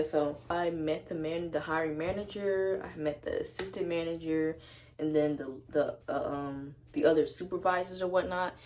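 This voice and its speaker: Young woman, low voice, blunt, slangy, swearing, casual storytime vlog, at home. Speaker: vlogger. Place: at home with her dog.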